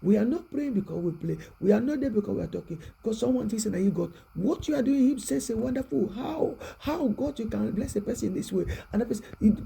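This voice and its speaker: A preacher giving a prayerful, repetitive exhortation, often dropping to a hushed voice. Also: mid-range voice, big pitch swings, fairly quick, vocal fry, few pauses, slightly rough, poor audio.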